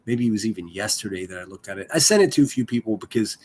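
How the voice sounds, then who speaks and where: A man's voice: on the low side, expressive, fast, a little mellow, husky. A man chatting casually on a live stream, rambling and swearing, full of fillers and restarts. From Pittsburgh area.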